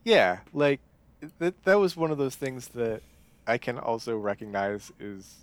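A man's voice: mid-range voice, animated, unhurried, no echo. Hesitant man in a dry room. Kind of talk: casual chat.

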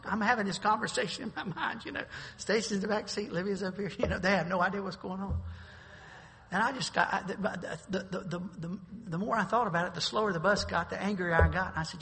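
High, bright-voiced male preacher. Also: fast, vocal fry, slight background noise. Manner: folksy storytelling, with bursts of forceful preaching. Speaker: pastor. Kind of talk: sermon. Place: church sanctuary. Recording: long hall reverb.

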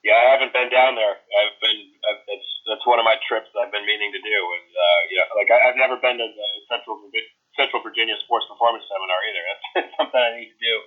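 A man's voice: on the low side, steady tone, fast. An American man, a strength coach, chatting easily as a guest, often repeating his words. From United States. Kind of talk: casual interview. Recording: tinny phone line.

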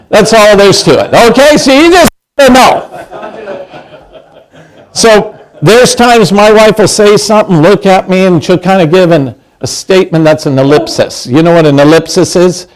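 A man's voice: sits high, lively intonation, moderate pace. A man in his sixties preaching a sermon as pastor, conversational and humorous, acting out quoted lines.

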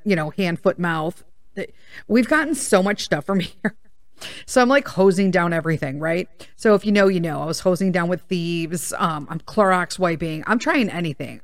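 A woman with a lowish, gravelly voice rambles through a story on her podcast. She swears freely and keeps the telling animated. The sound is close and dry, with no room around her. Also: dry recording. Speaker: podcast host. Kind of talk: casual storytelling monologue.

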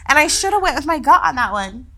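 A woman podcast host with a high, bright voice, chatting casually with a friend. She tells stories in a chatty, giggly way. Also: big pitch swings, fast.

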